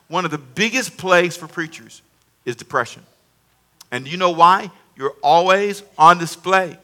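High, bright-voiced pastor preaching. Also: male voice. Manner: lively preaching with call-and-response to the congregation. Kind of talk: sermon.

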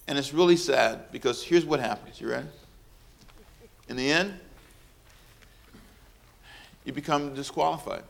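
A man preaching in a church with a bright, fairly high voice. He is lively and playful, tells stories with humor, and leads the congregation in call-and-response. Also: normal speed, creaky, pauses often. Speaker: pastor. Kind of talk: sermon.

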